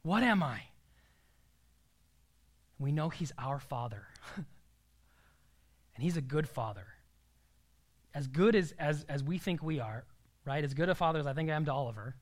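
A man's voice: fairly high pitch, normal speed, pauses often. A young man preaching a sermon in an earnest, emphatic way, sometimes dropping to a near-whisper.

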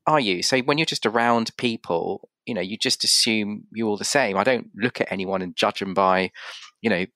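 A man's voice: on the low side, moderate pace, pushed and bright, no echo. A man with an English accent, hosting a casual podcast interview, talking reflectively with frequent restarts and acted-out quotes. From Yorkshire, England. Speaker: podcast host.

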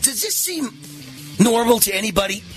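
A man's voice: very high voice, animated, normal speed, soft background music. A man in his sixties hosting a political talk radio show, combative and mocking, his voice rising into sing-song taunts. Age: 60s.

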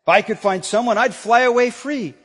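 A man's voice: very high voice, fairly quick, fairly bright tone, breathy edge, long reverb tail, full character voice. A pastor voicing a lazy, bored female bird who begs to be let off her nest, in a sing-song, pleading way. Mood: bored whining.

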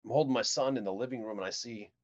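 A middle-aged man telling stories as a podcast guest in a relaxed, casual way, with fillers like "um" and "uh". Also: medium pitch, rapid-fire. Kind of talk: casual interview storytelling. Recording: muffled, dull mic.

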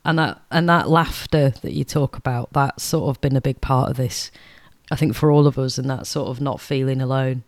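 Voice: medium pitch, fairly even intonation, moderate pace, a little hiss or hum. Reflective podcast co-host. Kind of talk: casual chat.

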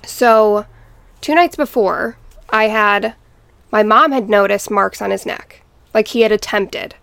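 A young woman guest telling a painful personal story in a podcast interview, halting and restarting as she recalls what happened. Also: medium pitch, vocal fry, a bit bright, clean tone, no room sound. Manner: halting, restarts, quotes family members.

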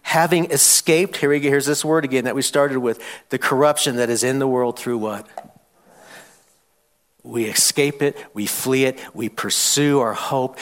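A man preaching a sermon in church, reading scripture and calling out questions to the congregation for them to answer. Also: a little high. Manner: call-and-response preaching, rising to loud challenges; reads scripture aloud with emphasis. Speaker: pastor.

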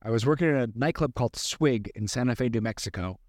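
A man's voice: mid-range voice, quick pace, dry recording, studio quality. A man in his forties co-hosting a podcast, chatting casually and joking as he tells a story. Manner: relaxed, jokey, repeats himself. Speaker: podcast co-host.

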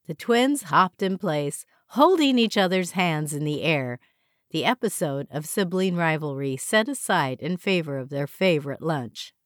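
A woman narrating an audiobook in a measured, even way. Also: low voice, no room sound, clean studio sound. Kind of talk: scripted narration.

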